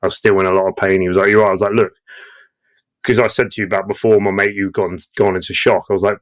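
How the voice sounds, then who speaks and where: Guest: man, 30s, lowish voice, salty and animated, laughs through his own tales. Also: rapid-fire. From Britain. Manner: profane, acts out quoted voices, laughs often. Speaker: guest veteran. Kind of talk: casual war storytelling.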